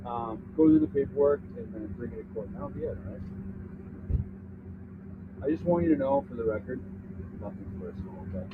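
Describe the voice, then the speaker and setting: Cop guy explaining calmly, quick and bouncy, tinny phone quality with noisy background. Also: mid-range voice. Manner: placating, hesitant. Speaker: arresting officer. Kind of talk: calm explaining. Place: inside a vehicle. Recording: phone-like recording with noise.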